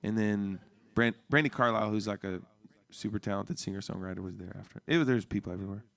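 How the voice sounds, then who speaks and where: A deep-voiced man from Oregon, sitting as the musician guest in a radio studio. His voice has a gravelly fry at the bottom. He chats loosely and playfully, trading jokes throughout a casual interview. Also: fast talker, a bit bright.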